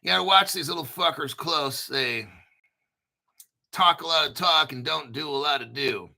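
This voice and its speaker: An American man hosting a casual commentary, brash and profane, joking around and often clearing his throat. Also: fairly high pitch, normal speed, pushed and bright. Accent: General American. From United States. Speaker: crypto video host. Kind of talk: casual commentary reading articles.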